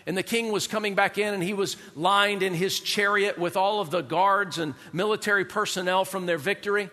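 A man preaching a sermon as pastor, animated, often asking the congregation rhetorical questions. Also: high-pitched, a little fast, long reverb tail.

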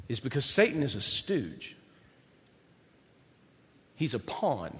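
A pastor preaching a sermon with an animated, dramatic delivery and joking asides. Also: male voice, on the high side. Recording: long hall reverb.

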